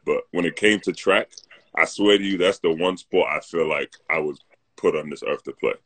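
A man in his thirties from North London co-hosts a laid-back live-stream chat on a phone mic, telling stories peppered with "like" and "you know." His voice is low, husky and a bit bright, at a moderate pace.

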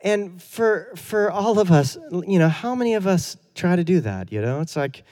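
Male pastor in his thirties; casual, self-deprecating storyteller preaching, voice sits a touch high. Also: animated, normal speed, darkish tone. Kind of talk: sermon.

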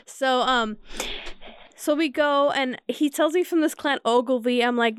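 Tipsy high-voiced woman telling a story. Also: unhurried, clear, resonant tone, no room sound, clean studio sound. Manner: animated, laughing storyteller, swearing freely. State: tipsy from vodka shots. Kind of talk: casual storytelling chat.

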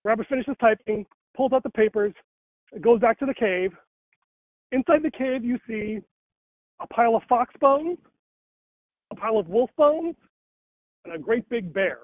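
Rambling man in casual conversation, high voice, tinny phone-line sound. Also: lively intonation, moderate pace, long pauses, dry recording. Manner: rambling, many fillers and restarts.

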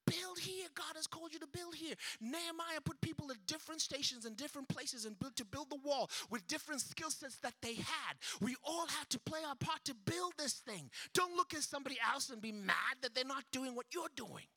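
A man preaching a sermon as pastor, swinging between loud shouted passages and hushed near-whispers and acting out quoted voices. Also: extremely high pitch, a little fast, hardly any pauses, no echo, clean studio sound.

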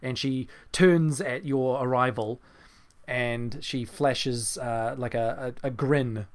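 A man's voice: medium pitch, steady tone, slow pace. A man narrating a tabletop game as game master, with frequent hesitations and fillers.

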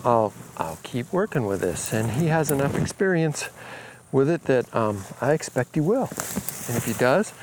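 Relaxed man telling a story outdoors. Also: medium pitch, a little hiss or hum. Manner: relaxed, retells conversations with quoted dialogue. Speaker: healing coach. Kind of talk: casual storytelling vlog.

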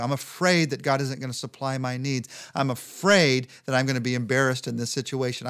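Earnest male pastor preaching. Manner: earnest, rises in pitch for emphasis. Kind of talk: sermon.

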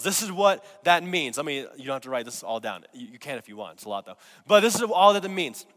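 A man's voice: on the high side, sing-song, quick pace, hardly any pauses, a bit bright. A male pastor preaching a sermon while getting over a cold, drawing the congregation into call-and-response. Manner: call-and-response, prompting the congregation to repeat words. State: recovering from a cold. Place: church sanctuary. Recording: long hall reverb.

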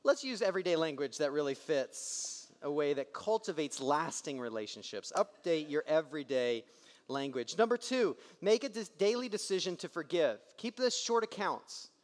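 A man's voice: fairly high pitch, normal speed, long reverb tail. A man in his thirties preaching a sermon, telling family stories and acting out the voices of the people in them. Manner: animated storytelling, acts out quoted voices. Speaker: pastor.

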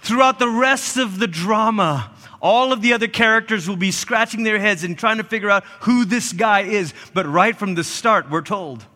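Man, sermon, lively storytelling, high-pitched, reverberant hall. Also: normal speed. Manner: animated storytelling with playful asides. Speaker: pastor.

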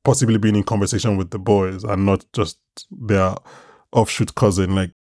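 A man hosting a casual podcast, rambling and animated, swearing freely. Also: fairly low pitch, moderate pace, no room sound, studio quality. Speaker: podcast host. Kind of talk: casual chat.

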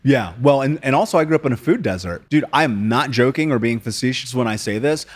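A man's voice: mid-range voice, expressive, quick pace, husky. A man from the United States in his late thirties, a podcast guest telling his story bluntly in casual interview talk, swearing often and calling people dude.

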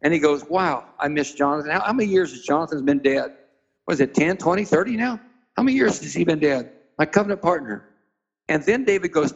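High-voiced man preaching a Bible story. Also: lively intonation, creaky, breathy edge, muffled recording. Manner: acts out quoted characters with sudden high-pitched voices; spells out and stresses Hebrew words slowly. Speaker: pastor being interviewed.

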